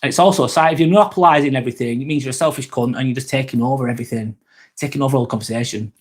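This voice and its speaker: A man talks rapid-fire in a medium-pitched voice while hosting a live vlog. He reads out and answers chat comments, speaking frankly and casually, swearing a lot and rambling through restarts.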